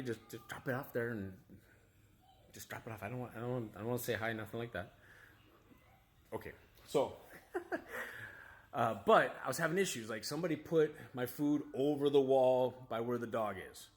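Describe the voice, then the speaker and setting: A man's voice: mid-range voice, moderate pace, long pauses. A man, a father, casually telling a story to camera in a rambling, self-critical way, full of restarts and asides. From United States. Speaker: vlogger, father.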